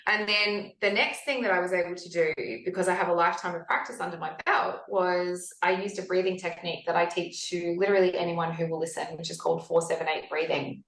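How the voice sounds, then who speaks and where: A woman in her forties, a health practitioner talking as a guest in a conversational interview, telling stories lively and acting out her own past thoughts. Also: fairly low pitch, fast talker, few pauses. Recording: echoey room.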